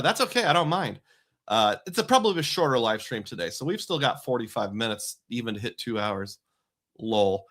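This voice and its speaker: A man's voice: medium pitch, bright, forceful tone. A middle-aged man hosting a casual live stream, reading viewer comments aloud and chatting back.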